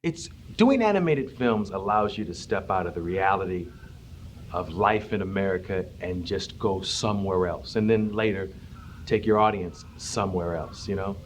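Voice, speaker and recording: A man's voice: sits low, normal speed, a little hiss or hum. A man from Cleveland giving wry, joking interview answers. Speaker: voice actor interviewee.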